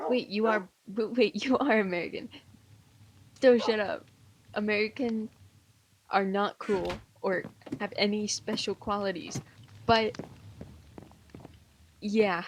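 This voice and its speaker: A young woman chatting casually with friends during a game stream, slow and easily confused. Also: mid-range voice, steady tone, slight background noise. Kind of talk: casual chat while gaming.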